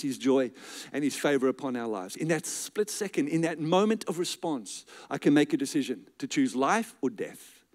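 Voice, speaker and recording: A male pastor preaching a sermon to a congregation. He builds emphatic, rhythmic lists and drops softly on key words. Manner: drops to a soft, low voice to stress key words. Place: church service with a live congregation.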